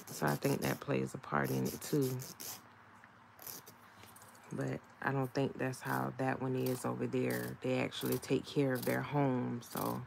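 A woman's voice: extremely low pitch, vocal fry, a little hiss or hum. A woman, chatting casually at home while doing her own nails, often laughing and talking to her nails. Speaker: nail vlogger. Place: home, indoors.

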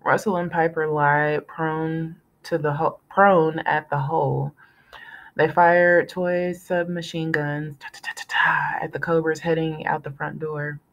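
A woman reading a novel aloud in a steady storytelling manner, now and then correcting herself. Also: low voice, unhurried, rough recording. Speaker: audiobook reader.

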